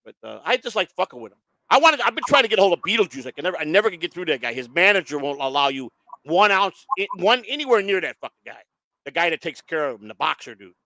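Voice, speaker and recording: A man rambles through a loose, profane chat, tripping over his own restarts. His voice sits a bit high and swings up and down a lot. The sound is dry and close. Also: big pitch swings, quick pace, sharp tone, dry recording. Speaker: show host. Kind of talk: casual chat.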